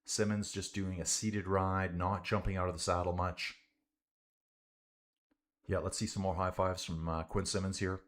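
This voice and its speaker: A young man with a lowish voice commentating a bike race live for his stream. He keeps it loose and chatty, calling his viewers guys and dude as he follows the riders and reads out comments. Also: level tone, moderate pace, long pauses, a bit bright. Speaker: livestream cycling commentator.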